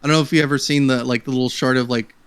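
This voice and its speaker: A man's voice: mid-range voice, fairly even intonation, racing, smooth. A man joining a casual podcast chat, speaking in an enthusiastic way and laughing and swearing often.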